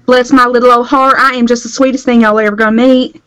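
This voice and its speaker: A woman voicing a sweet-talking Southern belle vampire tourist with a Southern US accent, fast and syrupy. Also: fairly high pitch, level tone, fairly bright tone, clear, resonant tone, lightly acted. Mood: sugary.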